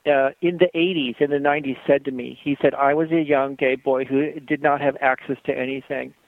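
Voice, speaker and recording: A man's voice: mid-range voice, steady tone, a little fast, dry recording. Male radio host on a tinny line. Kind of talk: radio interview.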